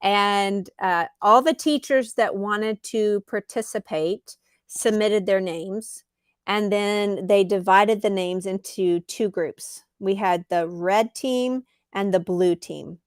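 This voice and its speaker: A woman's voice: mid-range voice, clear, resonant tone, no echo. A woman teaching English on a live stream, patiently answering viewers' chat comments. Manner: slow, patient, reads chat comments aloud.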